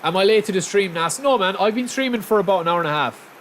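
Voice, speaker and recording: A man's voice: sits high, fast talker, slight background noise. Chatty Irish man commentating his game. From south of Ireland. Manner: chatty, bursts into excited shouts. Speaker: streamer. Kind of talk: casual gameplay commentary.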